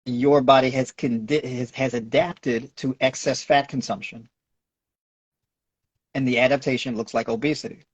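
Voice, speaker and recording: A man's voice: medium pitch, fairly even intonation, moderate pace, no echo, rough recording. A man with a New York accent, a nutrition and fitness coach, explaining at length in a lecturing way and checking in with "right?". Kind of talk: explaining in a podcast Q&A.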